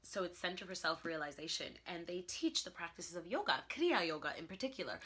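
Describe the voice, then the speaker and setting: A young woman vlogging in a casual, animated way, telling her story with laughter and emphasis. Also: on the low side, fairly quick, breathy edge. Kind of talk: casual vlog monologue.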